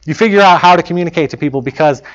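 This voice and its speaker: A man's voice: on the high side, racing. Chatty man speaking on muffled recording. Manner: chatty, self-deprecating, laughs often, filler "like". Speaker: guest speaker, lead programmer. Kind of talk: casual talk to students.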